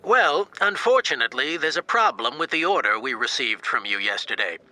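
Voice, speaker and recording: A man's voice: medium pitch, animated, fairly quick, pushed and bright. A man playing a customer on a phone call in a scripted course dialogue, polite but restrained and tense. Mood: restrained annoyance. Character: adult male customer holding back anger. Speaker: customer calling to complain.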